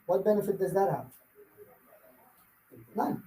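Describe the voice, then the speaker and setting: A man's voice: high voice, unhurried, warm tone, reverberant, rough recording. Blunt man coaching a room. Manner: blunt, fires rhetorical questions at the audience. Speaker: real estate sales trainer. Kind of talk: live coaching workshop.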